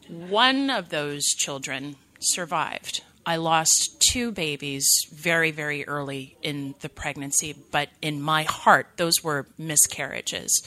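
A woman's voice: low voice, sharp tone. A woman in her thirties from California, speaking at a recovery meeting and telling her story with candid, self-deprecating humor. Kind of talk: personal recovery testimony.

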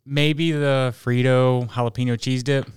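Easygoing man with a very clear voice. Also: mid-range voice, little pitch movement, unhurried, no room sound. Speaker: guest. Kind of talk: casual chat.

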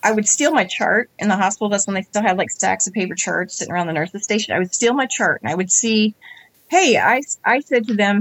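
A woman's voice: medium pitch, a little fast, dry recording. Woman in her forties telling a story. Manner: animated, acts out other people's lines. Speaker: interview guest. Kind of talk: conversational storytelling.

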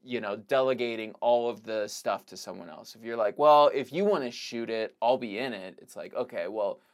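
A man's voice: medium pitch, moderate pace. Rambling man, casual podcast guest. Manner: rambling, full of "like" and restarts. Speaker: podcast guest, filmmaker and comedic actor. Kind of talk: casual conversation.

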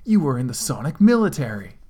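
A hot-headed young male hedgehog warrior, played by a man reading aloud delivers loud, overblown outbursts. The edgy bravado is pushed to the point of melodrama. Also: medium pitch, very animated, a little fast, pitched above the performer's own voice. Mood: smug.

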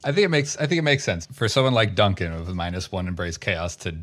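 Very low-voiced man playing a tabletop game. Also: big pitch swings, fast, fairly bright tone. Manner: playful, easily amused. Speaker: player. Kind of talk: casual tabletop play.

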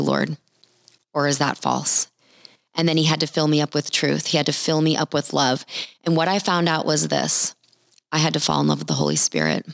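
A woman with a low, deep voice preaches an earnest sermon. She slows right down to stress the key words. The sound is dry and close, with no room echo. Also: gravelly.

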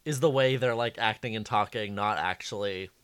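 A man's voice: on the low side, normal speed, a bit bright, clean tone, no room sound. Man rambling wryly in casual chat. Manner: rambling, wry, thinks aloud. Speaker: podcast co-host. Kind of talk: casual chat recapping a TV episode.

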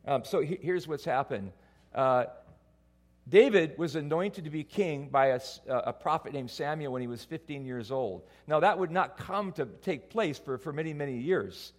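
A male pastor preaching to his congregation, mixing a funny personal story with his sermon. He tells it in an animated, self-mocking way, in a voice a little higher than most men's. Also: moderate pace. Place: church before a congregation.

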